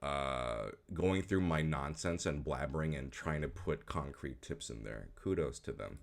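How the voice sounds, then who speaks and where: A voice actor and host with a very deep, vocal-fry voice reacts casually to an old video of himself, speaking a little slowly with lively intonation. He rambles frankly, full of fillers and restarts, dropping dry, self-mocking remarks.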